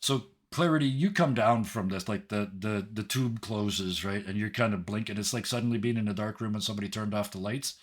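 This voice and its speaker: A man running a tabletop game, narrating the scene and thanking his players in a chatty, animated way with many fillers. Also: lowish voice, fairly quick, few pauses. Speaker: game master.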